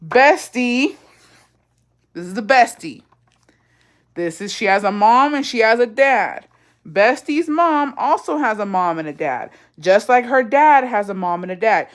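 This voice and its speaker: Woman livestream host, casual, foul-mouthed, mixes in Spanish. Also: mid-range voice. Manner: profane and blunt, drops Spanish phrases; sassy, repetitive explaining. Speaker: livestream host answering viewer questions. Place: lives in Mexico.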